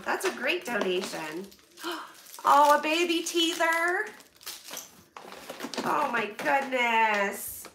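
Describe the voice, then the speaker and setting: Opening donations live, a bubbly woman in her thirties from Pennsylvania exclaims constantly in casual chat. Her high-pitched voice sounds pushed and bright, picked up from a distance in an echoey room with background noise.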